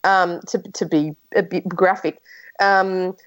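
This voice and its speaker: A woman's voice: on the low side, fairly even intonation, slow pace, a bit bright, poor audio. A woman speaking as a podcast guest, telling her own story frankly in casual conversation, with many restarts and fillers.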